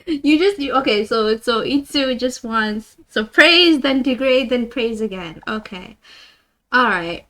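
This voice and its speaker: A woman's voice: fairly high pitch, expressive, measured pace, pushed and bright. A woman streamer chatting casually with her viewers, flustered and giggly as she reads out donations. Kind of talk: casual live-stream chat.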